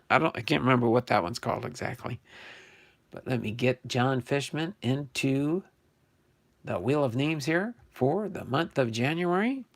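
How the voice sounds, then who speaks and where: An older man with a gravelly edge to a middle-pitched voice hosts a relaxed live stream about sports cards. He talks loosely, stops to correct himself and thinks out loud. He grew up in New Jersey. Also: a little slow. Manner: chatty, self-correcting, thinking aloud. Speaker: sports card channel host. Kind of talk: casual live stream chat.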